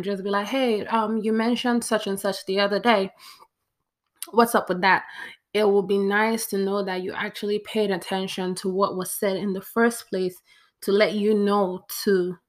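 A young woman, chatting playfully to camera as she counts off a list. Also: mid-range voice. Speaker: vlogger. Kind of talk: casual talk to camera.

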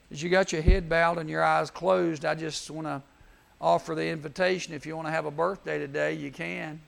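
A man preaching gently and earnestly at a camp chapel, leading a prayer and an invitation. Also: on the high side, fairly even intonation, fairly quick, creaky. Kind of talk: sermon with altar call prayer.

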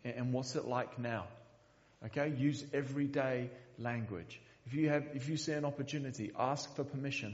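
A man's voice: medium pitch, normal speed, in a large hall, dull audio. A man preaching a sermon in a church, speaking earnestly and often repeating the first word of a sentence. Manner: earnest, repeats words when starting sentences. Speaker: pastor.

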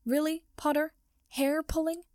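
A sneering, haughty teenage boy wizard taunts his rival in a snide, slightly raised voice, as a woman reads him aloud. The voice has a gravelly edge and sounds dry and close, with no room around it. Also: on the high side, normal speed, a little mellow, dry recording. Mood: pained taunting.

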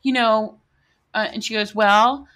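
A middle-aged woman in casual podcast chat, with a bright, forward voice. She tells stories in an animated way, full of fillers and laughter, and her pitch jumps all over. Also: moderate pace. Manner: animated storyteller, laughs often, many fillers. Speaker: podcast co-host.

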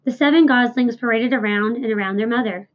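A woman reading a children's novel aloud with clear, expressive narration. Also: fairly high pitch, a little fast. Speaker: reader. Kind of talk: storybook read-aloud. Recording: dull lo-fi recording.

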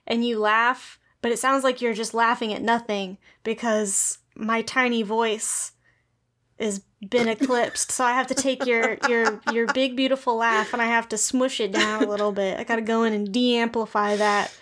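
A woman's voice: a little high, fairly even intonation, normal speed, fairly bright tone. A woman co-hosting and editing a podcast, chatting in a playful, self-mocking way. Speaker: podcast co-host and editor. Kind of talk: casual chat.

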